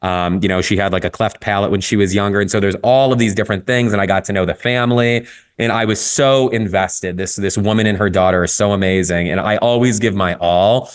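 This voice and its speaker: A man talking candidly in a casual podcast conversation, telling stories with frequent swearing and lively shifts in tone. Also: low voice. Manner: candid, profane, storytelling, lively. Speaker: guest photographer.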